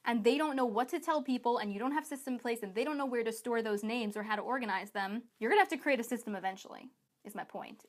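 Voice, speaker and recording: A woman with a somewhat high voice delivers a sales training talk to coaches. She talks in a chatty, energetic and emphatic way, and she keeps slipping into her clients' voices for quick asides. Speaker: business coach.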